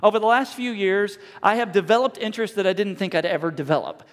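A man in his forties preaching a sermon as pastor, conversational and animated, often correcting himself mid-sentence. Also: high-pitched, fast talker. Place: church sanctuary. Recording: long hall reverb.

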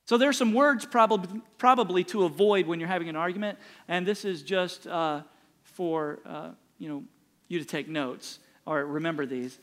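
Higher-pitched guy preaching, punchy and emphatic, keeps repeating lines to drive it home, middle-aged pastor. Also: normal speed. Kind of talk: sermon.

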